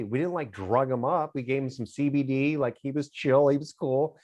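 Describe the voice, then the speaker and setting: Halting, reflective middle-aged man. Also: mid-range voice, a little mellow. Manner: smiles a lot, halting and reflective. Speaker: interview guest. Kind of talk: casual interview talk.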